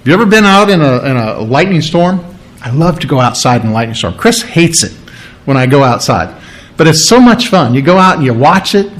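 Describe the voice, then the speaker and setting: Animated, joking male preacher. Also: on the high side, fairly quick. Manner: conversational, animated, asks the audience questions, jokes. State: sore ribs. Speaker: pastor. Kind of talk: sermon.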